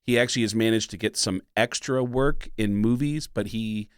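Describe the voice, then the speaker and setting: A male comedian guest telling stories in a casual, animated way, slipping into voices as he goes. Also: fairly low pitch, moderate pace, clear, resonant tone, no echo, clean studio sound. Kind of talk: casual storytelling.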